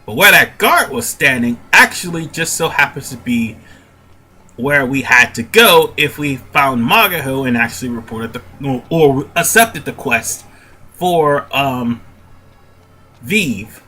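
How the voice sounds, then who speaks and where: A man's voice: medium pitch, animated, measured pace, pushed and bright, husky, faint music behind. A man with a stuffy nose giving casual gameplay commentary as a let's play host. He rambles and often stops to correct himself.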